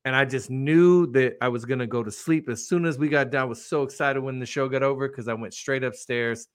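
A man's voice: medium pitch, a little fast, smooth. A man hosting a podcast, talking earnestly and personally in casual faith talk. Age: adult with children. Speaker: podcast host.

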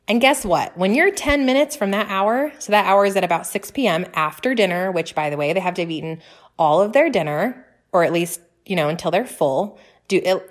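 A woman, hosting a casual podcast and talking with enthusiasm and faith-filled encouragement to other mothers. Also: lowish voice.

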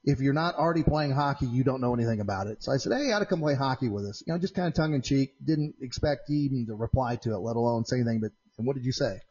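A man hosting a casual podcast from his home shop, telling long rambling stories that get animated when he replays an argument. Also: mid-range voice, rapid-fire, hardly any pauses, husky, dull audio. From Central Indiana. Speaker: podcast host. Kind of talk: casual storytelling chat. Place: home shop with doors open.

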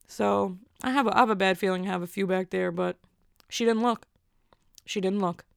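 A woman's voice: mid-range voice, fairly even intonation, moderate pace, gravelly, clear, resonant tone, no echo, studio quality. A woman in her twenties telling a rambling, self-deprecating story in a casual monologue. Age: 20s. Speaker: vlogger.

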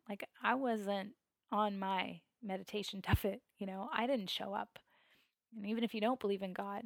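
A woman guest telling a personal story candidly and emotionally, with many "like" and "you know" fillers and swings between hushed and loud passages. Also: mid-range voice, vocal fry, no room sound. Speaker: podcast guest.

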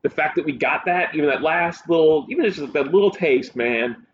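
Excitable man recapping a show. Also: fairly high pitch, moderate pace. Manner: excited, animated recounting of a show. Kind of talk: casual chat. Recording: dull audio with faint hiss.

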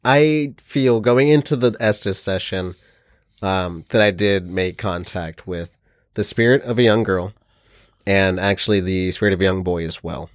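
Man, low voice, earnest rambling storyteller, casual chat, dry sound. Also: measured pace, dry recording.

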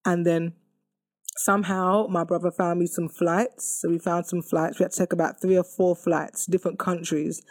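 A woman telling her own life story in a candid, conversational way, often repeating phrases for emphasis and pausing on ums. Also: fairly low pitch, flat delivery, darkish tone, no echo, studio quality. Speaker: speaker sharing a personal testimony.

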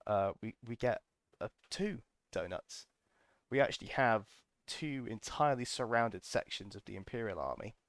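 A man's voice: lowish voice, lively intonation, normal speed, no room sound. A man hosting a podcast, telling a casual, enthusiastic story full of ums and restarts. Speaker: podcast host.

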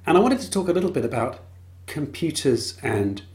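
A man's voice: fairly high pitch, very animated, a little fast, a little mellow. A man hosting a podcast on his own, talking in a casual, wry and dryly humorous way. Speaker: podcast host. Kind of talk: casual solo monologue.

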